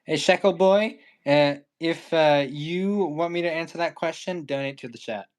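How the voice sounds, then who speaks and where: A man's voice: a little high, moderate pace. A man from Iran, a guest on a livestream, talking in a blunt, joking way with many fillers. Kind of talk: casual livestream chat.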